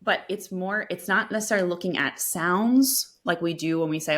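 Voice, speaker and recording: A woman speech-language pathologist appears as a podcast guest, explaining her methods at length as an expert and restarting sentences by repeating words. Her voice is on the low side and a bit bright, at normal speed.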